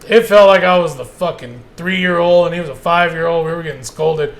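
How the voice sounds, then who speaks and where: A man co-hosting a casual chat, telling animated, profane stories and acting out quotes. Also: a little high, brisk, few pauses. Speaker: podcast co-host.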